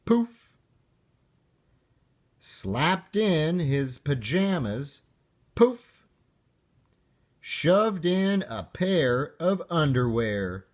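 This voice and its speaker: A man reading a children's picture book aloud with expressive delivery and playful sound words. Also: on the high side, drawn-out words, hardly any pauses. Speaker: narrator.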